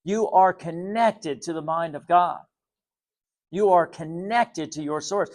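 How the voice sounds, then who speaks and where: A man giving a spiritual talk to viewers, calm, repetitive and gently insistent. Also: a little high, slow. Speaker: spiritual teacher.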